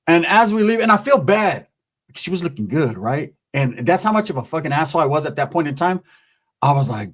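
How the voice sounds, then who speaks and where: A man with a high-pitched voice tells a rowdy personal story in loose street slang. He laughs often and slips into quick impressions of the people involved. His delivery stays animated and unpolished. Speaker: channel host and storyteller. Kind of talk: casual storytime monologue.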